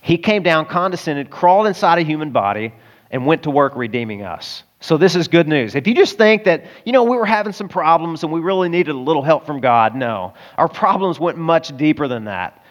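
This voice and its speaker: A man's voice: fairly high pitch, big pitch swings, brisk. Man, Southern American accent, pastor, emphatic conversational preaching, rhetorical questions, thirties. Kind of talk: sermon.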